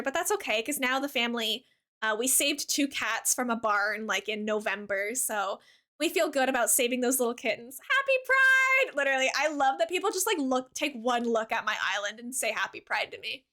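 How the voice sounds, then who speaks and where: A bubbly woman streamer chats casually with her viewers while she plays. Her voice sits high and sounds bright. She talks in a giggly way, full of "like" fillers, and gushes warmly at her chat. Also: expressive, brisk. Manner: warm toward chat, gushing.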